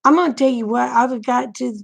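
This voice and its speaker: A woman's voice: sits high, fairly quick, vocal fry. A middle-aged woman, chatting frankly and folksily to her viewers, laughing often. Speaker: vlogger. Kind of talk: casual livestream chat.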